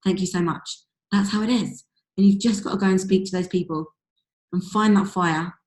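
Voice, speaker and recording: A woman's voice: mid-range voice, fairly even intonation, normal speed, a little mellow. A woman with a strained voice leading a group video call, giving a rambling, gushing motivational pep talk. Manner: gushing, rambling, lots of likes and ums. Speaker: team leader hosting a group call. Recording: roomy echo on a call.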